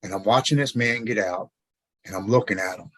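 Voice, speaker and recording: A man in his forties with a low voice shares his own hard story as a podcast guest, speaking earnestly and haltingly, often restarting his sentences. The sound is dry and close. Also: fairly bright tone, breathy edge, dry recording. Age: 40s. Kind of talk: personal recovery story in conversation. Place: Maryland.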